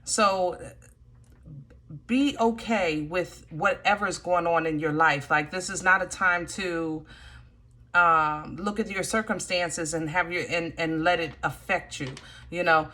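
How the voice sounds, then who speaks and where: A woman's voice: lowish voice, measured pace, bright, forceful tone. A woman giving a casual, chatty tarot reading and speaking straight to her viewers, with plenty of colloquial asides. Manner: chatty, colloquial, addresses viewers directly with frequent "you know". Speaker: tarot reader.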